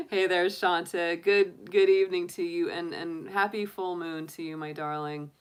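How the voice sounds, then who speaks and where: A woman's voice: on the low side, fairly even intonation, measured pace, clean tone. A woman tarot reader chatting casually and giggling with her livestream viewers. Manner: giggly, chatty, laughs often. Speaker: tarot reader, channel host.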